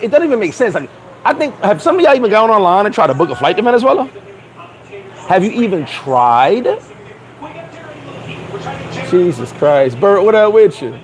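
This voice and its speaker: A man with a high, lively voice hosts a casual livestream, talking in a blunt, profane and animated way. His pitch leaps around as he reacts to viewer comments and reads them out. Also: poor audio. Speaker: livestream host.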